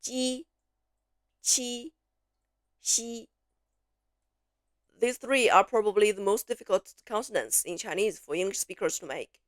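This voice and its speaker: A woman teaching pronunciation, slowly repeating syllables and words for learners to copy, switching between English explanations and drills. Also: medium pitch, lively intonation, dry recording, clean studio sound. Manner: slow, clear repetition, drawn-out syllables for learners. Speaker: Mandarin teacher.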